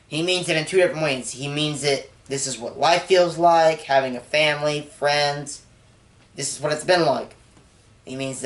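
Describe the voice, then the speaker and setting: A young man recapping a movie in a casual review, excitable and animated, with sudden jumps in pitch and volume. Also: slow pace, pauses often. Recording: echoey room.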